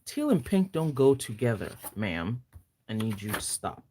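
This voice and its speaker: Nigerian woman on a live stream, excitable and teasing, voice jumps all over, slow easy talk. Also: extremely low pitch, a little hiss or hum. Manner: excitable, squeals and gasps, playful teasing. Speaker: planner vlogger. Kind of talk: casual live-stream unboxing chat.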